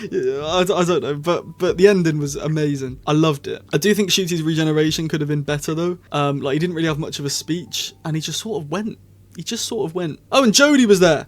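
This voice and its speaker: A man giving a casual, rambling spoken review, opinionated and full of restarts and quick laughs. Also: a little high. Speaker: show reviewer.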